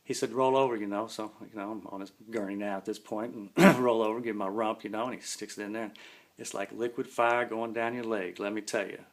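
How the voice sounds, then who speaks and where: A man's voice: lowish voice, fairly even intonation, fairly quick. Rambling man telling a story. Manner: rambling, folksy, with lots of "man" and "you know". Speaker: storyteller recalling his own past. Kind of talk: casual spoken storytelling.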